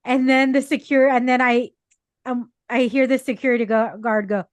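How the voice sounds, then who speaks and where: A middle-aged woman co-hosts a casual podcast chat and tells everyday stories with lots of energy. She acts out the people she quotes in her higher voice. The sound is dry and close, with no room around it. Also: steady tone, normal speed, no room sound. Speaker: podcast co-host. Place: parents' house.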